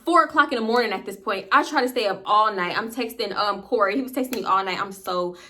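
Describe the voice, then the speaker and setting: A young woman telling a personal story to the camera in a casual, candid, animated way, with frequent swearing. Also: medium pitch, fast. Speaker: storytime vlogger.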